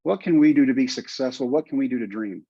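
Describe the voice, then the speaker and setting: On a podcast, a former pitcher and teacher, an older man with a Texan accent, shares a heartfelt story with earnest emotion. He talks fast in a slightly rough mid-range voice, and the dull, dry, lo-fi recording carries no room sound.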